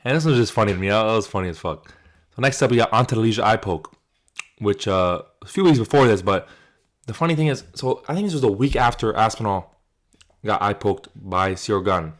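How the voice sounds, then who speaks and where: A young man with a lowish voice, hosting his channel in a relaxed, offhand way. He swears freely and leans on "like" as he talks through highlights, often restarting his sentences. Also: a little fast. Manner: loose and profane, heavy on "like". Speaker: channel host. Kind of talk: casual commentary video.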